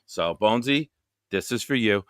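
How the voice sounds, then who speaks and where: A man hosting a casual live stream, talking over a video call. His voice sits low but sounds bright and forceful. He jokes crudely and bosses his co-host around, and the sound is dry and close. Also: animated, moderate pace, no echo. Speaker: show host.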